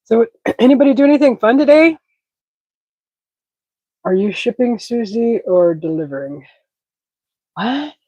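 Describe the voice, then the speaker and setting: A woman's voice: fairly high pitch, lively intonation, measured pace, long pauses, dark tone, breathy edge, dry recording, dull audio. A woman hosting a casual live cooking stream, sniffling from a stuffy head cold and chatting with viewers as she cooks. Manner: chatty, reads viewer comments aloud while cooking. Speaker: cooking livestream host.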